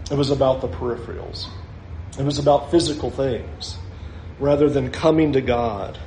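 A male pastor preaching a sermon, animated, acting out the quotes he reads with shifting voices. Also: medium pitch, creaky, echoey room, slight background noise.

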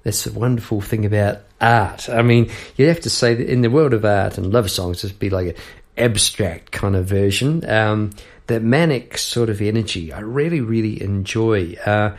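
A man's voice: lowish voice, normal speed. A middle-aged man, hosting a podcast about his songwriting in a rambling, chuckling way. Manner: rambling, chuckling, with frequent fillers and asides. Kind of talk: reflective casual talk.

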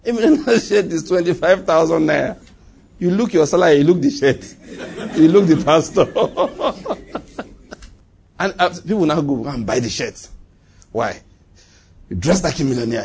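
A man preaching a sermon, emphatic and repetitive, swinging between loud bursts and quiet asides. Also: mid-range voice, husky. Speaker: pastor.

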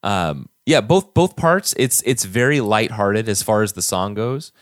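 Low-voiced man, halting podcast chat. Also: expressive, dry recording, studio quality. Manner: hesitant, many fillers and restarts.

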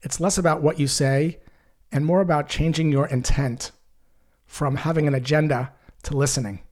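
A man teaching sales calls in a calm, measured way, acting out short sample lines. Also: fairly high pitch. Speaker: sales trainer. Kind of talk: instructional voice-over.

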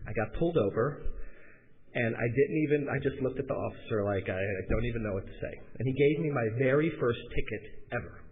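A man, a rabbi, telling a self-deprecating story in a conversational sermon. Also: medium pitch. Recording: echoey hall, thin phone-like sound, faint hiss.

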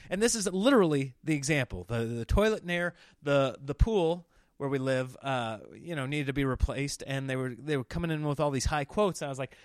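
A man from Nebraska talks through a casual podcast monologue at a middle pitch, rambling from one story to the next. He acts out other people's lines as he goes. The recording is close and dry, with no room sound. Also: brisk, dry recording. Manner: rambling, animated storytelling with acted-out quotes. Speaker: comedian and podcast host.

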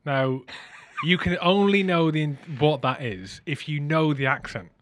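A man hosting a casual interview, animated and telling stories, sometimes swearing and mimicking with loud exclamations. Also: a little high, measured pace, no room sound. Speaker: podcast host.

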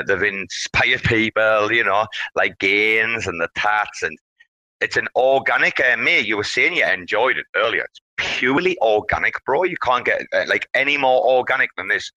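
A man hosting a casual online audio chat, talking in an animated, rambling way as he hypes up his community. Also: fairly low pitch, a little slow, no echo, low-quality recording. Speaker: host.

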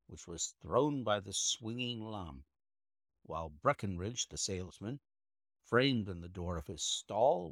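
A man narrating a classic detective story in a measured, expressive reading style. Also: lowish voice, no room sound, clean studio sound. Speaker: audiobook narrator. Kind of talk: audiobook narration of classic fiction.

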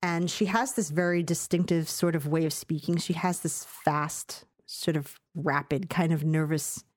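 A woman co-hosting a podcast, chatting casually about a film in a rambling, hesitant way that turns animated when she has strong opinions. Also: low voice, a little slow. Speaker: podcast co-host reviewing a film. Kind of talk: casual chat.

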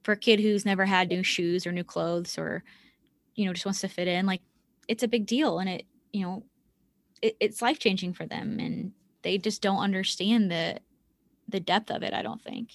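A woman's voice: medium pitch, fairly even intonation, normal speed, no room sound. A woman hosting a true-crime podcast, talking earnestly and with indignation. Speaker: podcast host. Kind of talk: conversational true-crime discussion.

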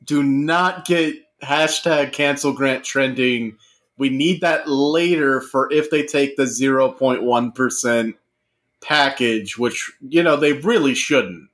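A man co-hosting a comedy podcast, joking through deadpan asides and banter. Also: mid-range voice, takes it slowly. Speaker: podcast co-host.

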